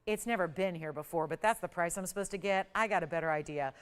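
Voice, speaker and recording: A middle-aged woman hosting a live TV shopping show, giving an enthusiastic, emphatic sales pitch in a studio. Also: quick pace, clear, resonant tone. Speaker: shopping channel host.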